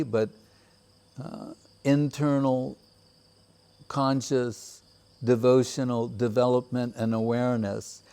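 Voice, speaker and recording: Calm man giving a devotional talk. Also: mid-range voice, clean tone. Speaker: spiritual teacher. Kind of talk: devotional discourse.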